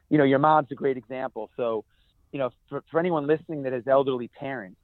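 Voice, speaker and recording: A man, a guest in an interview, telling stories in an energetic way with many restarts. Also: medium pitch, no room sound. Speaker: guest, ultrarunner. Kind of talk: conversational interview. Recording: tinny phone-like dry sound.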